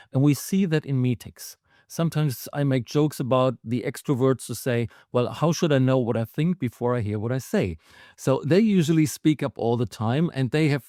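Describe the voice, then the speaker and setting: A man giving advice as a guest on a podcast, explaining in a measured, methodical way. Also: mid-range voice, mellow, no room sound, studio quality.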